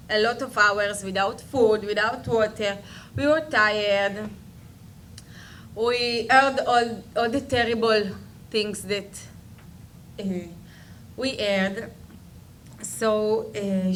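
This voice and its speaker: Slow, halting woman with an Israeli accent. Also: mid-range voice, a bit bright, echoey room. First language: Hebrew. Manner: halting, searching for words, many pauses and fillers. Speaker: guest speaker. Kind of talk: personal testimony talk. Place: community event hall. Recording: distant mic with faint background noise.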